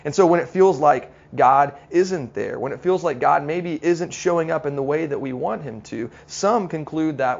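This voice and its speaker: A middle-aged man preaching a sermon as a pastor, telling stories in an earnest way and slowing down to stress key points. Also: fairly high pitch, creaky, muffled recording. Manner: storytelling, earnest, slows down for emphasis.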